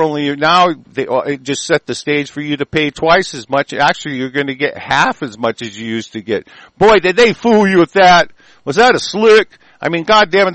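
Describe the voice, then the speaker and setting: A man's voice: a little high, no room sound, rough recording. Angry profane man ranting. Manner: angry, profane, shouting bursts; halting with frequent fillers. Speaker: commentator. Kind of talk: profane ranting commentary reacting to news.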